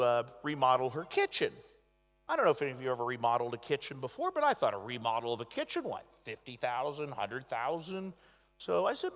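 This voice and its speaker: A man giving a motivational convention speech, telling stories dramatically and swinging between loud and hushed delivery. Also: a little high. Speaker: motivational speaker. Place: large convention hall. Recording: echoey convention hall.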